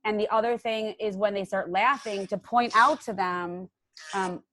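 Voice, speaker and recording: A middle-aged woman hosting a casual recovery podcast, chatty and animated as she tells stories. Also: mid-range voice, moderate pace, slight background noise. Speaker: podcast host and sponsor.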